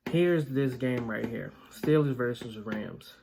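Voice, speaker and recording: A man's voice: mid-range voice, slow pace, creaky, dark tone, slight background noise. A man hosting a casual sports picks vlog, blunt and opinionated, with plenty of filler words. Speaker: vlog host.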